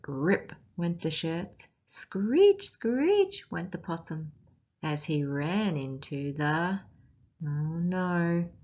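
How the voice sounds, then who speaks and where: Slow Australian woman reading to children. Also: on the low side, dull audio. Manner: slow, expressive, questioning children. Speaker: teacher. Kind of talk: children's picture-book read-aloud lesson.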